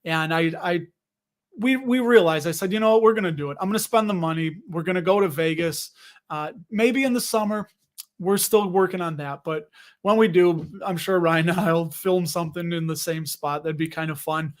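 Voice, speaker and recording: Chatty high-voiced man hosting a livestream. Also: moderate pace. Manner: chatty, rambling, jokey, with frequent fillers and self-interruptions. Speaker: livestream host reading viewer comments. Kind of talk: casual livestream chat about dividend investing.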